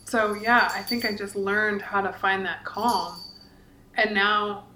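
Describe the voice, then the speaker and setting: A woman's voice: mid-range voice, little pitch movement, takes it slowly, bright, forceful tone, slight background noise. Chatty woman in an echoey room. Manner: chatty and earnest, many likes and restarts. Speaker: podcast co-host and author. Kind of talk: casual podcast conversation.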